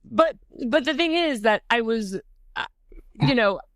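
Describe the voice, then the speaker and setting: Middle-aged woman, podcast guest, chatty storytelling, lively pitch jumps, dry close sound. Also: unhurried, clear, resonant tone, no echo. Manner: animated, says "like" often, jumps to high pitch acting out quotes. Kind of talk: casual storytelling interview.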